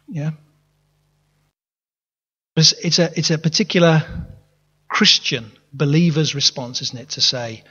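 A man's voice: fairly high pitch, unhurried, pauses often, fairly bright tone, husky. A man preaching a sermon in a church, earnest, often restarting his words and asking the congregation questions. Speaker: pastor. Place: church hall. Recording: reverberant hall, dull lo-fi sound.

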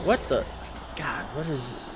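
A man's voice: medium pitch, lively intonation, slow pace, over loud music. A man hosting a co-op let's play, bantering in a joking, playful way. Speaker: gaming channel host.

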